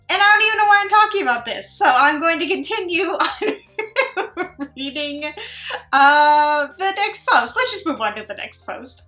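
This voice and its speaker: A woman's voice: a little high, sharp tone. A young woman hosting a reaction video, reading posts aloud and adding chatty, sarcastic asides that ramble off topic.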